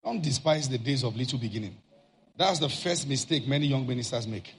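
A man preaching, telling a personal story in an animated way and acting out shouted outbursts. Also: mid-range voice, a little fast.

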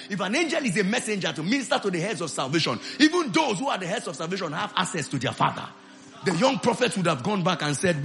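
A male pastor preaching a sermon to his church, rising into loud shouted declarations of prayer. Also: sits high, creaky.

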